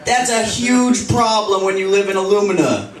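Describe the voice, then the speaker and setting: A man's voice: high voice, moderate pace, heavy background noise. A young man doing a stand-up set, crude and self-mocking, laughing through his punchlines. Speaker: stand-up comedian. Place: comedy club stage. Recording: roomy club, distant mic, audience laughing. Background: audience laughter.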